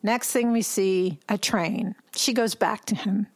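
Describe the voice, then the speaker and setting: Animated woman retelling a film's plot. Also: medium pitch, a little slow. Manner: animated, acts out the characters' lines. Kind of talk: casual chat retelling a film plot.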